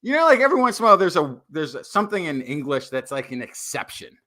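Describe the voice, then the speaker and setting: American guy co-hosting a podcast, rambly chat, bright lively voice that jumps around. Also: on the high side, quick pace. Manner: rambling, full of restarts, animated. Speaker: podcast co-host. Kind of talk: casual chat.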